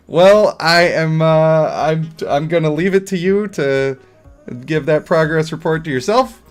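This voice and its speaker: A man's voice: on the high side, slow, long pauses, faint music behind. A male streamer giving casual, crude, jokey commentary on a game, laughing often.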